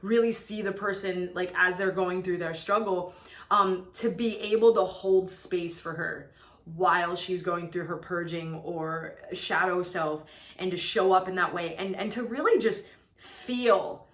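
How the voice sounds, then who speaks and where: A woman's voice: fairly low pitch, a little slow, a bit bright, roomy sound. A woman coach chatting earnestly about her relationship, telling stories with restarts. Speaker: twin flame coach. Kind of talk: casual chat.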